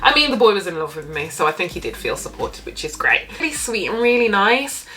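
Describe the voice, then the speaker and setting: A young woman vlogger telling a dating story in a candid, animated way, swearing freely. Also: mid-range voice, fairly quick. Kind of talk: casual storytime.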